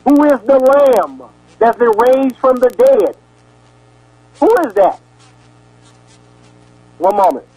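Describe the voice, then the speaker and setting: A man's voice: very high-pitched, poor audio. A man giving a rambling sermon-style lecture over a radio broadcast, repeating words and asking his listeners questions. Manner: asks the audience questions.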